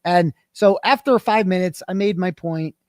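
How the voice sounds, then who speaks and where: A man's voice: high-pitched, moderate pace, a little mellow, dry recording, studio quality. A man being interviewed, telling his story bluntly and with animation, swearing at times. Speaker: guest, independent journalist. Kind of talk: conversational interview.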